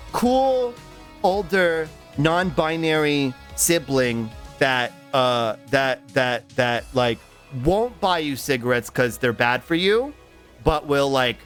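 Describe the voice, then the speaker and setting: A man streaming and chatting casually with his chat, halting and giggly, with lots of repeated words and restarts. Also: mid-range voice, fairly bright tone. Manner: affectionate and giggly. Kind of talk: casual livestream chat reading chat.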